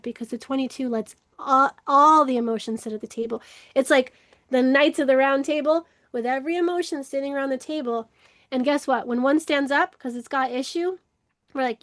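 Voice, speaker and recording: A woman's voice: high voice, dry recording, studio quality. A woman leading a casual spiritual teaching to camera, earnest and reflective, often repeating words for emphasis. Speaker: workshop leader in emotional healing.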